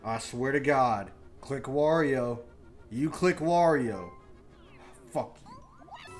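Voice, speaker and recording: A young man narrates his own gameplay in a crude, trash-talking way, his voice sitting at an ordinary middle pitch. He moves from low, muttered grumbles to sudden yells at the computer players. Faint music plays behind him. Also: animated, takes it slowly, pauses often. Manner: crude trash talk, swinging from mumbled grumbling to yelling. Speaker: gaming YouTuber. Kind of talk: live gameplay commentary.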